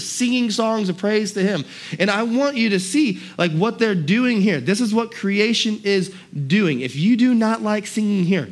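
A male pastor preaching to his congregation in a church sanctuary. His voice sits a little high for a man. He talks in a loose, conversational way, animated and sprinkled with playful asides. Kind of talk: sermon.

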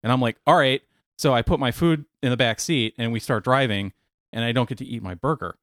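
A man's voice: medium pitch, fast, fairly bright tone, dry recording, studio quality. A man on a podcast, casually telling a long story with many fillers and restarts. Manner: rambling, lots of fillers and restarts.

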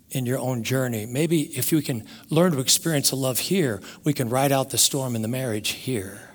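Older pastor man preaching, gets loud then goes real quiet, echoey big hall. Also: medium pitch. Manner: emotional storytelling, swings from loud to hushed. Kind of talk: sermon.

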